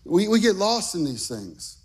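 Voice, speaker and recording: A pastor preaching a sermon, his voice climbing into shouted, half-sung phrases. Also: high voice, very animated, unhurried.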